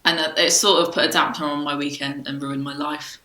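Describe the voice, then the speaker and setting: A woman's voice: deep voice, little pitch movement, fast talker, heavy background noise. A woman co-hosting a casual podcast chat, earnest, with hesitant restarts. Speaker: podcast co-host. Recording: echoey room.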